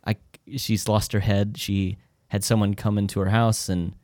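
Man, low voice, casual movie talk, rambling retelling, dry close sound. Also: moderate pace, no echo. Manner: rambling, animated retelling with many restarts. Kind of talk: casual film discussion.

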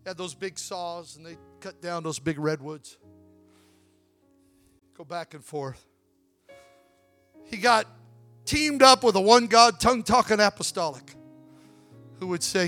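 High-voiced preacher man with music behind. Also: animated, a little slow, pauses often. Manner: storytelling, builds to shouted preaching. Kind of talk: sermon.

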